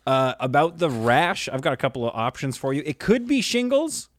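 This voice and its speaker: A man's voice: a little high, very animated, moderate pace, dry recording. A male co-host of a comedy podcast gives mock-expert advice, tripping over and repeating his words. The recording is dry and close, with no room sound. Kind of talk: comedic casual chat.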